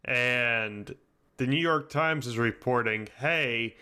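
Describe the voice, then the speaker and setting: Wry young man with a bright voice. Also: mid-range voice, lively intonation, normal speed. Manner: wry, blunt interjections. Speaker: podcast co-host. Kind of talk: casual history podcast chat.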